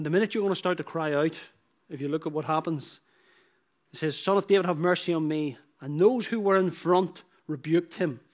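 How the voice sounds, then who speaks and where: Preaching a sermon, a man says his phrases again and again, his volume rising into emphatic bursts and then dropping to hushed, low lines.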